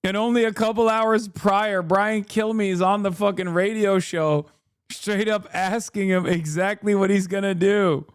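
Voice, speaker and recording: A man's voice: high-pitched, fairly even intonation, normal speed, clean tone, no room sound, clean studio sound. A male streamer hosting live commentary in a sarcastic, profane, incredulous manner. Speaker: streamer host.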